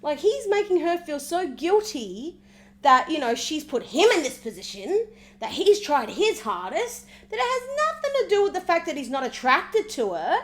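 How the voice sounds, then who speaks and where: With a bright, high-pitched voice at moderate speed, a woman gossips through a reality TV episode recap. She's sarcastic and animated, repeatedly imitating the people she talks about.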